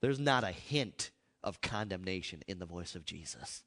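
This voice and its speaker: A male pastor preaching a sermon, swinging between loud outbursts and hushed asides. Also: deep voice, animated, normal speed, vocal fry. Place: church. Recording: echoey hall.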